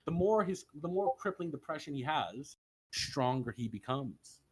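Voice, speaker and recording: A man's voice: fairly high pitch, sing-song, normal speed, slightly rough. A man co-hosting a casual online chat, rambling and profane with stammered restarts. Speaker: co-host.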